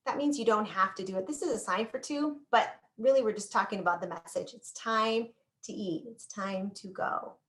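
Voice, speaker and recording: A woman teaching basic sign language in an online class, drawing out words slowly as she demonstrates each sign. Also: mid-range voice, fairly bright tone. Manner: slow, demonstrative, drawn-out words while signing.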